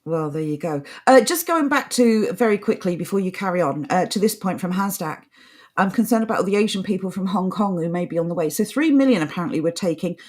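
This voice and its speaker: A woman's voice: lowish voice, animated, quick pace, a little mellow. A woman co-hosting a live political talk show, speaking with an impassioned, ranting delivery. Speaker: co-host.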